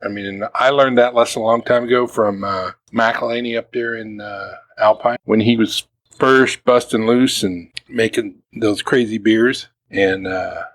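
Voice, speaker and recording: A man co-hosting a beer tasting podcast, chatting casually and telling relaxed stories. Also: lowish voice, a little slow. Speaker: co-host of a beer tasting show. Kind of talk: casual chat.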